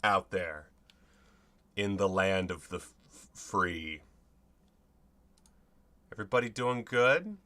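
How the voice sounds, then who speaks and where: A man's voice: low voice, takes it slowly, long pauses, bright, forceful tone. A man hosting his own show, chatting casually, rambling, swearing and mocking himself as he fiddles with his setup. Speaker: host. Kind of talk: casual home video chat.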